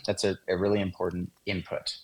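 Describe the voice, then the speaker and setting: A man, an interview guest, explaining in a relaxed casual way with lots of fillers. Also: low voice, moderate pace, husky, rough recording. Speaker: guest, design agency founder.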